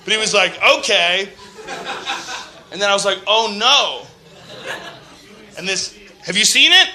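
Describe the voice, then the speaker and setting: A man's voice: sits high, lively intonation, unhurried, sharp tone. A man hosting a podcast in a casual, profane comedic rant, laughing and mocking other people's voices. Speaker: podcast host.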